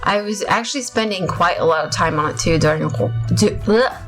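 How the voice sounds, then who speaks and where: A woman's voice: on the low side, moderate pace. A woman casually commenting on her gameplay, rambling and poking fun at herself. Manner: chatty, rambling, self-mocking. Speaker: gamer narrating her play. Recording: faint music behind.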